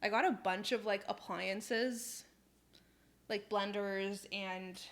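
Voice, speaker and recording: A woman's voice: a little high, expressive, moderate pace, fairly bright tone. A young woman chatting casually on a live stream, reading out chat messages, laughing often and swearing in passing.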